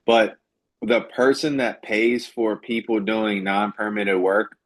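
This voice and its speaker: Emphatic, lower-voiced male business coach. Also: slow pace. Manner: emphatic, repetitive, animated. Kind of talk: motivational coaching on a group call. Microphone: video call.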